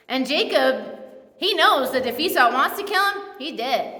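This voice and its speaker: A woman's voice: sits high, expressive, normal speed, bright, forceful tone. A woman pastor giving a sermon in a church, retelling the story in a casual, humorous way. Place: church sanctuary. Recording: echoey church hall.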